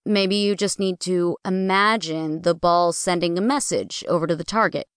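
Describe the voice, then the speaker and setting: A woman narrator voicing a kind, patient young man who speaks gently and soothingly. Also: fairly low pitch, normal speed, smooth, no echo, clean studio sound, lightly acted.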